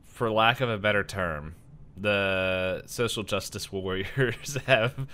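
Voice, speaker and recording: A man's voice: lowish voice, slow pace, sharp tone. A young man hosting a casual podcast chat, rambling with lots of fillers and frequent laughs. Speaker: podcast host.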